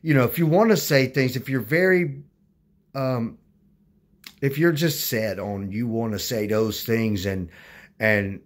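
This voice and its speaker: A man's voice: mid-range voice, measured pace. A man talking casually to his channel's viewers, rambling with many fillers and restarts, insistent as he corrects their views. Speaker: YouTuber. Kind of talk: casual talk to camera.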